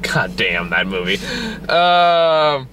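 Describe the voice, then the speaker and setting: A man's voice: mid-range voice, sing-song, drawn-out words, music in the background. A young man co-hosting a casual movie review chat, swearing freely and mimicking characters in silly voices. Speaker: podcast co-host.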